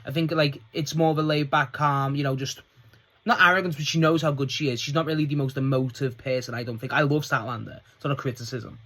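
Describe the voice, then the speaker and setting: A man talking through a wrestling episode in a loose, casual solo review. His voice is bright and forceful, and he swears freely as he recounts each segment with eager enthusiasm. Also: medium pitch, fast. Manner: excitable, swearing, laughing, recounting scenes.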